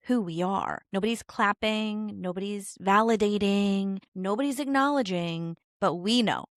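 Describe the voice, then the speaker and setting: A woman's voice: mid-range voice, no echo, studio quality. A woman hosting a podcast, telling a candid personal story and acting out her own inner thoughts in quoted asides. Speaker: podcast host.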